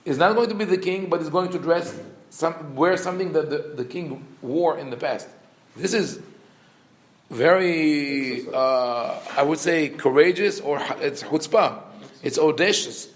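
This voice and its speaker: Middle-aged male rabbi, slightly high voice, teaching a scripture class with dry humor and lots of ums; chants verses fast. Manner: explains with dry humor and frequent fillers; reads verses quickly in a chant. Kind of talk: Torah class lecture.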